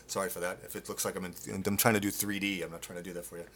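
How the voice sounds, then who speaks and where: A man teaching singing live, explaining technique with restarts and breaking into loud sung demonstrations. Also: deep voice, level tone, rapid-fire, slight background noise. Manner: demonstrates with loud sung grunts and vocal exercises. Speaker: vocal coach. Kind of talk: live-streamed singing lesson. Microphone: phone.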